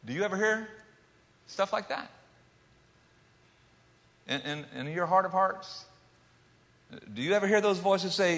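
High, bright-voiced preaching man. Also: normal speed, long pauses. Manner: dramatic, swings between loud emphatic calls and hushed low asides. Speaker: pastor. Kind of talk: sermon. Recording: long hall reverb.

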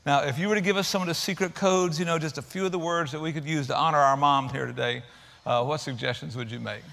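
Preacher guy, slightly high, bright, lots of uhs, big church echo. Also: fairly even intonation, fast, vocal fry. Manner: jokey, warm-hearted, uses fillers. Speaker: pastor. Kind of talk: sermon and stage interview. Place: large church. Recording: echoey church hall.

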